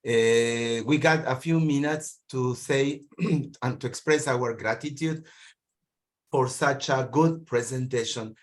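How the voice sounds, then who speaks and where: A man's voice: mid-range voice, slow. A man from northern Peru with a Peruvian accent, a teacher hosting an online meeting over a video call, friendly and rambling, often repeating words. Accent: Peruvian (Piura). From Piura, northern Peru. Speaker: meeting host and university teacher.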